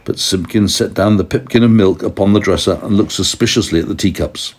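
A man reading a storybook aloud to his young child at home, gently pausing to ask questions. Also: sits low. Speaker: parent telling a story to a toddler.

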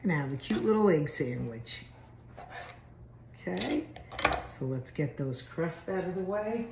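Brief: low, unhurried woman narrating a home cooking demo, roomy kitchen with noise behind. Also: lively intonation, vocal fry. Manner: chatty, step-by-step narration. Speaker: home cook. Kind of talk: casual cooking demonstration.

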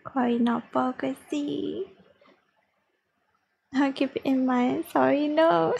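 A woman streaming her language study, slowly repeating practice phrases aloud and chatting with viewers. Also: high voice, steady tone, vocal fry, a little mellow, a little hiss or hum, poor audio. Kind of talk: casual study-stream chat.

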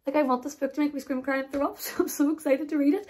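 A young woman talks to camera at a quick clip, her voice sitting a little high. She keeps it hushed, with lots of "like" and "wee" in a loose, chatty vlog style. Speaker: vlogger. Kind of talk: casual chat to camera. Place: home bedroom, getting ready.

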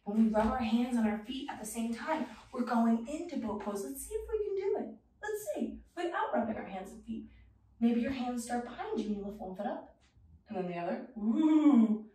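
A woman's voice: fairly high pitch, lively intonation, brisk, dark tone, a little hiss or hum. A young woman teaching a children's yoga class, playful and sing-song, encouraging the kids. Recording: very echoey room, voice from a distance.

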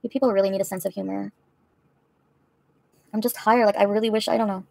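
A woman's voice: medium pitch, steady tone, fast, vocal fry, mellow, dry recording. A woman livestreamer answering her chat in a heated, profane, confrontational rant.

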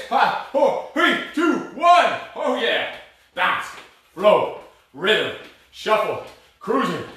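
The instructor's voice sits high and sounds sharp as he calls out clipped, blunt commands and counts to a live cardio boxing class, panting between them. It's recorded in a reverberant room, with him distant from the mic.

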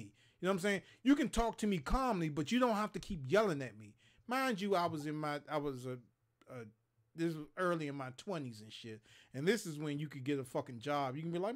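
A man's voice: a little high, expressive, fairly quick. A man in his thirties from Maryland, hosting a show and telling stories in casual, profane chat, acting out quotes and sound effects.

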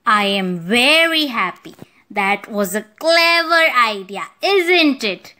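A woman's voice: on the high side, expressive, slow, bright, forceful tone, heavily acted. A woman doing a cheerful clever parrot. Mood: eager. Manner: cheerful, eager. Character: clever young male parrot.

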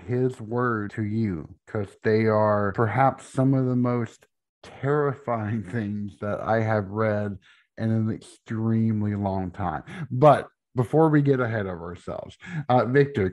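A man hosting a podcast, self-deprecating and hesitant, with many fillers. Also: medium pitch. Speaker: podcast host. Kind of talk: casual podcast talk.

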